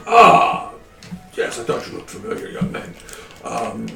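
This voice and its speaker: Stiff formal wizard professor, voiced by a game master, gravelly, echoey room, faint music. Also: male voice, mid-range voice, very animated, measured pace, bright, forceful tone, heavily acted. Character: fussy, busy male wizard professor.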